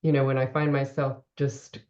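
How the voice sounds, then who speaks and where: A woman co-hosts a reflective conversation about a spiritual text in a rumbling low, level, slightly mellow voice at a normal speed, with the highs cut off. She thinks aloud, with many fillers and restarts.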